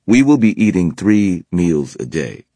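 A man reading as a grand male warlock from a storybook, emphatic about his meals. The voice is very deep and husky. It is recorded dry and close. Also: big pitch swings, measured pace, dark tone, dry recording, full character voice. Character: flamboyant food-loving male warlock.

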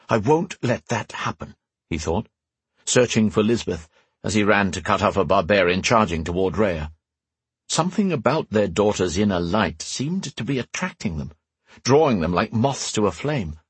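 A man narrating a fantasy audiobook in a steady, measured storytelling manner. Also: on the low side, breathy edge, no echo.

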